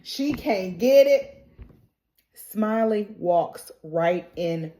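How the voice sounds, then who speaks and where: A woman giving a casual, animated recap and reaction, laughing often and acting out the characters' quotes. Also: mid-range voice, drawn-out words. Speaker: TV recap vlogger. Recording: roomy echo.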